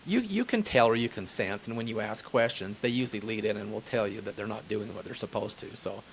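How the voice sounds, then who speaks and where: A man who works as a chiropractor, answering interview questions in a halting, casual way. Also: on the low side, expressive, vocal fry, slight background noise. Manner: hesitant, lots of fillers and restarts. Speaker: chiropractor guest.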